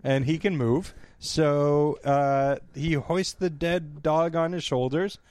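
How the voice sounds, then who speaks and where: A man's voice: on the high side, steady tone, slow, darkish tone, clear, resonant tone, dry recording, clean studio sound. A man on a podcast, recapping a movie as a casual comedic chat, acting out the characters, laughing often and swearing.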